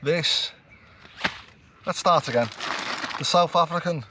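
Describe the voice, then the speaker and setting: A man's voice: fairly high pitch, slow. A man vlogging at a campsite, chatty and rambling, poking fun at himself. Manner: rambling, chatty, self-mocking. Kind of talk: casual chat to camera. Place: campsite outdoors. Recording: outdoor noise, passing traffic.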